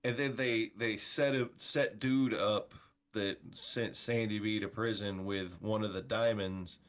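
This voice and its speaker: A man's voice: on the low side, steady tone, unhurried. A man co-hosting a casual film podcast who is laid-back and agreeable, chiming in often. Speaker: podcast co-host. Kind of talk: casual film review chat.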